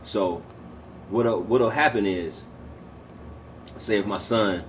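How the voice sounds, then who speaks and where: A man co-hosting a podcast, telling family stories in an animated way. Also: fairly low pitch, takes it slowly. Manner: animated storyteller. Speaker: podcast co-host. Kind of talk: casual storytelling. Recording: faint background noise.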